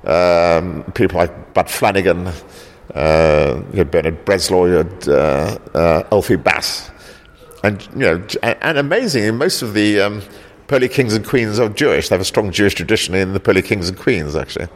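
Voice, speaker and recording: Man, very low voice, South African born, heritage group founder, halting speech, repeated words. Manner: halting, repeats words, tags sentences with "actually". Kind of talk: conversational interview answers.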